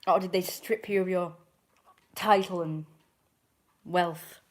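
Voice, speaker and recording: A woman's voice: on the low side, steady tone, takes it slowly. Rambling woman on a livestream. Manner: rambling, chatty, self-correcting. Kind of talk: casual livestream chat.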